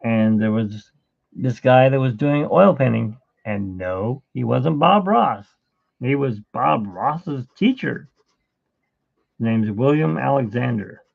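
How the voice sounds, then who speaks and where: A man's voice: medium pitch, lively intonation, slow pace, vocal fry. A middle-aged man hosting a live drawing stream, chatting in a rambling, storytelling way, in tinny phone-like livestream audio. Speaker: art livestream host. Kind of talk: casual live drawing chat.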